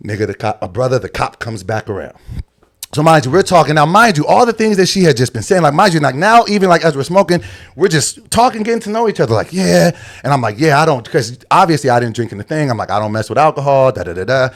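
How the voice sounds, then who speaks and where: A man's voice: on the high side, big pitch swings, quick pace. A young adult man telling a story in casual podcast chat, acting out quotes and laughing often. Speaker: podcast co-host.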